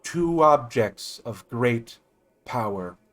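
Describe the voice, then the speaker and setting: A man voicing a solemn ancient spirit of purity, speaking slowly and gravely in a tabletop game. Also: mid-range voice, animated, fairly bright tone. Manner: slow, grave, commanding.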